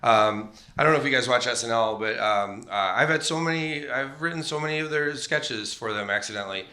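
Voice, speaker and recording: A man's voice: medium pitch, a little fast, pushed and bright. A middle-aged man, a comedian guest, telling rambling, self-deprecating stories on a comedy club stage and putting on voices for quotes. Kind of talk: on-stage comedic storytelling interview.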